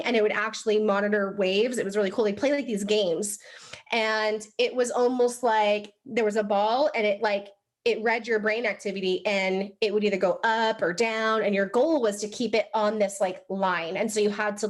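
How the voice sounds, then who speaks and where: A young woman with a slightly high voice gives a lively motivational training talk to a group in a room. She is chatty and animated, peppering her speech with "like" and asking "right?" to keep the room with her. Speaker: sales team trainer. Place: room with a live audience.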